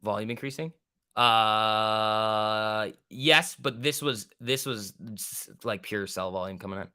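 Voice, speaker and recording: A man's voice: fairly low pitch, steady tone, takes it slowly, bright, forceful tone, clear, resonant tone. A young man hosting a live stock trading stream, talking loosely and profanely, joking with chat while he reads the charts. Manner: loose, profane, bro-talk banter with chat, chuckling. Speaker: stock trading livestream host. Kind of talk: casual live market commentary.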